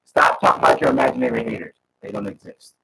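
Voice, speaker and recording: A man's voice: quick pace, recorded from a distance, background noise. A man hosting a casual chat through a robot voice filter, slangy and emphatic. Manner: slangy, emphatic, preachy asides. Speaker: host.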